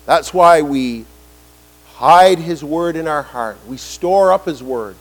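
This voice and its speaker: High-voiced animated male preacher. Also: takes it slowly, low-quality recording. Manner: animated preaching, acting out quoted voices, rising emphatic lines. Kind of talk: sermon.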